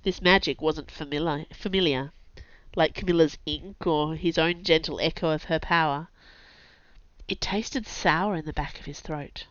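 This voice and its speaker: A woman reads her own story aloud, lively and expressive, with a lowish but bright, forceful voice. She hosts her own podcast. The sound is dry and close, and a bit dull and lo-fi. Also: a little slow, dry recording. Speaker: author and podcast host. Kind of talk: scripted audiobook narration.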